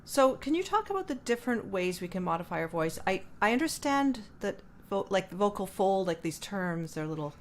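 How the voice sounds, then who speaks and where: A woman's voice: mid-range voice, very animated, fairly quick, few pauses, slight background noise. A woman hosting a musician interview podcast, asking careful, slightly hesitant questions. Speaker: podcast host.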